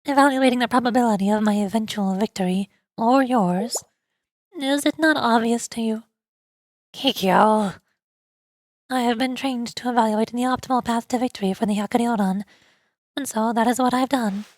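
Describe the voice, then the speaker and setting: A woman voicing a calm, calculating schoolgirl strategist who speaks in a measured, formal way. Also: a little high, dry recording, lightly acted. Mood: cool calculating. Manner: measured, formal, coolly logical.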